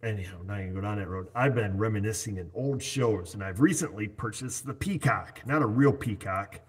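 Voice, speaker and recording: A man's voice: fairly low pitch, fairly quick, breathy edge. A man in his forties hosting a casual livestream chat, rambling and joking as he talks into his computer. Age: 40s. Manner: rambling, jokey, chatty. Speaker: livestream host. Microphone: computer set up on his screen.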